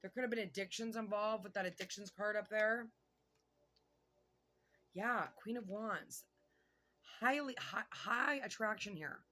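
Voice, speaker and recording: Woman tarot reader, bright edgy tone, loose and gabby, curses casually, thinks out loud. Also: medium pitch. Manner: chatty, excitable, swears casually, pauses to think aloud. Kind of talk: casual tarot card reading.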